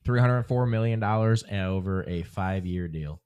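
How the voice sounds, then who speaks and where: A man's voice: low voice, moderate pace, a little mellow, clear, resonant tone, lo-fi sound. A man hosting a podcast, joking and blunt in casual sports chat. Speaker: podcast host.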